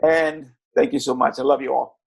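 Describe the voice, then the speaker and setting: A woman's voice: rumbling low, steady tone, normal speed, vocal fry, a little mellow. A woman hosting a podcast, effusive and affirming as she thanks and wraps up with her guest. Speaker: podcast host. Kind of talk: casual interview chat.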